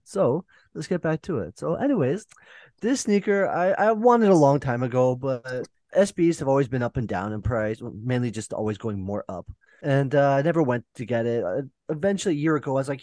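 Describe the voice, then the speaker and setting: A man's voice: mid-range voice, expressive, darkish tone, dry recording, studio quality. A man co-hosting a casual podcast, telling a long story with playful mock bragging. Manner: mock-boastful, drawn-out storytelling. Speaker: podcast co-host.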